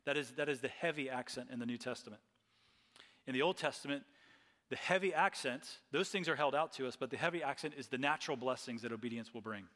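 A man's voice: mid-range voice, fast talker, fairly bright tone, big-room sound. A man preaching a sermon as pastor, earnest and often repeating phrases.

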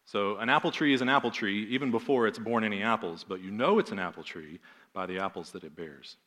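A man's voice: on the low side, fast talker, a bit bright. A man in his thirties, a pastor, preaching a sermon in a conversational way with fillers and emphatic repetition.

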